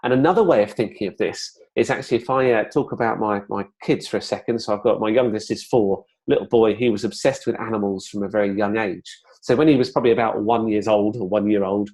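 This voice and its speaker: A man giving an explanatory webinar presentation in a conversational, relaxed way, with plenty of fillers and asides. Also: lowish voice, quick pace, hardly any pauses.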